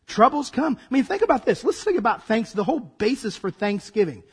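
A man preaching a sermon as pastor, his voice hoarse and raspy, acting out dramatic asides. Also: very high voice, very animated, fairly quick.

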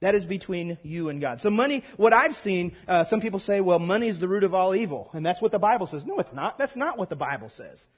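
A man in the pulpit delivers a sermon with a high, lively voice. He preaches with animation, repeats key lines for emphasis, and playfully mimics his listeners. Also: fast, hardly any pauses, breathy edge. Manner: mimics congregation voices with humor. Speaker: pastor. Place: church sanctuary before a congregation.

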